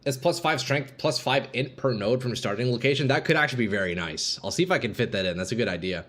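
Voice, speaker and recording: A man's voice: medium pitch, expressive, fast, a bit bright. A man streaming a game live, chatting casually with viewers and reading their messages aloud, with sudden bursts of hype, on a desk microphone at his home gaming setup. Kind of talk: live-stream commentary while playing.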